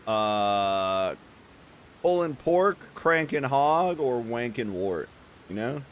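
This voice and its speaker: A man's voice: mid-range voice, expressive, slow pace, slight background noise. A man streaming a game, reacting with playful, joking commentary.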